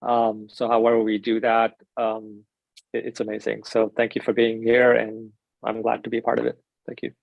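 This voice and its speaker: A man from India, introducing himself haltingly on a video call. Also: on the low side, monotone, gravelly, no room sound, muffled recording. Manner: halting, many fillers and restarts. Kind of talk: casual self-introduction.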